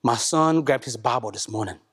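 A man's voice: mid-range voice, a little fast, fairly bright tone, breathy edge. A man telling his congregation about a personal spiritual experience in an earnest, conversational way, often repeating himself and tossing in "man". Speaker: church member giving testimony. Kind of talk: emotional spoken testimony to a congregation. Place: church service.

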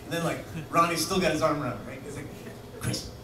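With a slightly high voice that races along, a male musician laughs through a rambling story on stage at a bar, stumbling over fillers and restarts. The live anecdote is picked up from a distance in an echoey, noisy room.

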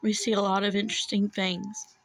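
Holding back tears, a self-described watchwoman pleads earnestly with viewers to be saved, repeating herself in an urgent religious warning to camera. Her mid-range voice is flat and brisk, and the audio quality is poor.

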